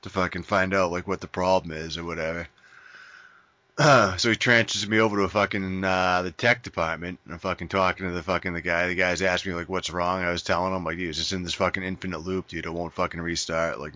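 A man with a very low, bright-edged voice tells a rambling story in casual podcast chat, swearing constantly and saying dude over and over. The sound is dry and a bit dull and lo-fi. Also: dry recording. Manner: profane rambling storytelling, says dude a lot.

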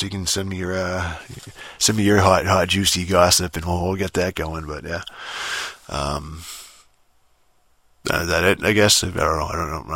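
A man's voice: sits low, creaky, bright, forceful tone, no room sound, studio quality. A man hosting a solo podcast, rambling in a casual rant, swearing heavily and filling gaps with ums and restarts. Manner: rambling, heavy swearing, many fillers and restarts. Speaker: podcast host.

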